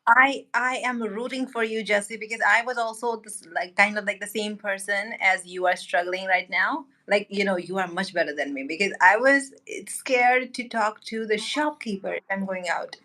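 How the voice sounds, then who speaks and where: A woman's voice: mid-range voice, normal speed, hardly any pauses, bright, forceful tone. A woman from India, a guest on a livestream, chatting casually, giggling often and using many filler words.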